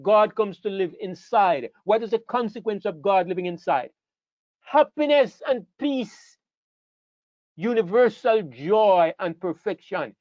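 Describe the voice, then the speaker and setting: A man's voice: sits high, normal speed, few pauses, no room sound. A man preaching a sermon, emphatic and repetitive, asking questions and answering them himself. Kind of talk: sermon lecture. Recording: dull lo-fi sound, dry.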